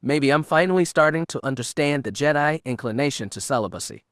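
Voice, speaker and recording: A man's voice: on the high side, a little fast, fairly bright tone, no room sound, clean studio sound. A man voicing a frustrated, overworked young Jedi who speaks sharply and bitterly, read as an audiobook character.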